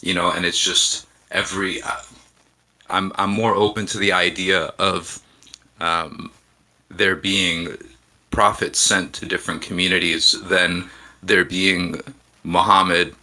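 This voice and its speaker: A man speaking as a guest on a live show, giving measured, reflective answers with frequent pauses and restarts. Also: deep voice, flat delivery, pushed and bright, rough recording. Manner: hesitant, with frequent ums and restarts.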